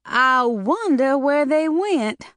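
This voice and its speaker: A woman voicing a scared young woman just out of school, with a squeaky, trembling, hesitant and slangy way of talking. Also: animated, slow, fairly bright tone, no room sound, studio quality, exaggerated voice.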